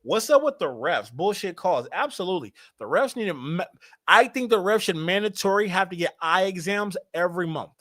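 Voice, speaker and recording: Hyped high-voiced man hosting a fan stream. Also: fairly quick, no room sound, studio quality. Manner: animated, hyped, talks to the chat. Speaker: fan show host. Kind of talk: livestream fan talk.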